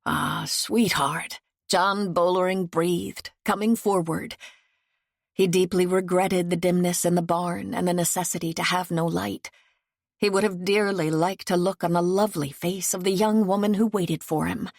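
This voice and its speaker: A woman narrating an audiobook in a soft, steady reading voice on a close mic. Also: on the low side, moderate pace, creaky, no room sound. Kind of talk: scripted narration.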